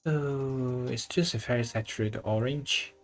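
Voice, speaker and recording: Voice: medium pitch, unhurried, soft background music. An artist chatting casually while drawing, rambling loosely with lots of filler words and the odd casual swear.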